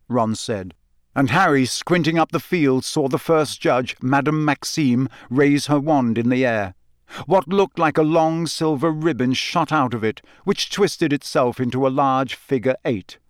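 A man narrating a fantasy novel as an audiobook in a measured, expressive storytelling manner, on a close studio mic. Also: medium pitch, no echo. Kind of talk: scripted narration.

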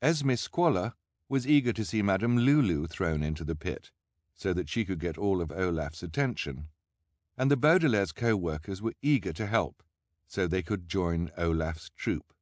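A man with a very deep voice reads an audiobook in a wry, measured way, savoring each dry aside. The sound is close and dead, with no room around it. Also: expressive, darkish tone, dry recording. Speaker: audiobook narrator. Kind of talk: scripted narration.

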